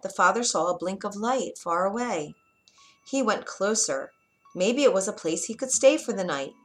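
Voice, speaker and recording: A woman narrating a children's storybook in a clear, measured read-aloud manner. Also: medium pitch, fairly bright tone.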